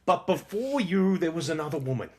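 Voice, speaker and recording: A man's voice: a little high, brisk, a loud crowd. A man, co-hosting a podcast and telling stories in casual chat, swearing freely. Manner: animated storyteller, swears freely. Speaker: podcast co-host.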